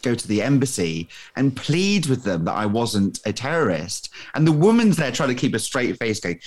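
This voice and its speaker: A man, a podcast guest, telling a gossipy anecdote with excitement and acting out other people's lines. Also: medium pitch, moderate pace, hardly any pauses.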